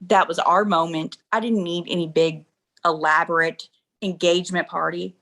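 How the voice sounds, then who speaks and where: A woman's voice: fairly low pitch, steady tone, normal speed, a bit bright. A middle-aged woman, an interview guest, candidly telling personal stories and laughing along as she talks. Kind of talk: emotional personal storytelling.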